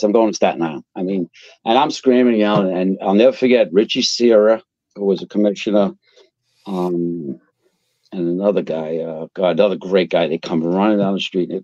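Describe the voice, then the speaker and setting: Low-pitched and brisk, an older man from Queens, New York, once a fire captain and now retired, spins blunt, profane tales in a casual storytelling interview. There's no room sound, and the audio is dull and lo-fi.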